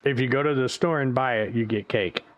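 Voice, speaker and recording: A man's voice: medium pitch, fairly quick. A male streamer in casual livestream chat, rambling, loose and profane.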